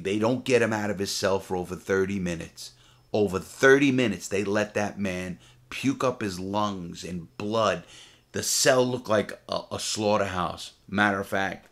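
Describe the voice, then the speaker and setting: A middle-aged man with a low voice tells a story from his time in prison. He speaks bluntly and profanely, in a loose, casual way. He hammers his points home by repeating them. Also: fairly bright tone. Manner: blunt, profane, emphatic retelling with repeated phrases.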